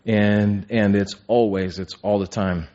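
A man leads a Bible class in a somewhat low voice, drawing answers out of the group with questions. He often doubles his words as he restarts a phrase. The recording is muffled and lo-fi. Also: level tone, unhurried, warm tone. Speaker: Bible study teacher. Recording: dull lo-fi recording.

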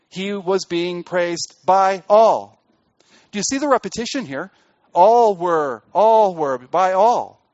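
A man preaching an earnest sermon in a fairly high voice. He climbs to emphatic peaks, then drops to quiet asides. The sound is dry and a little dull. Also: no echo. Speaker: pastor.

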